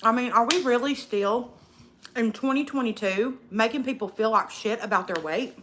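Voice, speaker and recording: A woman's voice: fairly high pitch, normal speed, fairly bright tone, slight background noise. A young woman hosting a casual eating livestream, outspoken and profane, ranting and reading viewer comments aloud. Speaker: livestream host.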